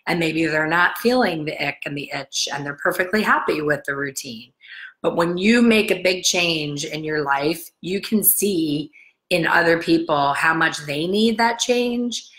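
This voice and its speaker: A woman's voice: sits low, a little slow, low-quality recording. A middle-aged woman who owns a salon, giving a casual, blunt motivational talk to camera and acting out the people she quotes. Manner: chatty, blunt, animated, acts out quotes. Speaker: salon owner and hair colorist coach.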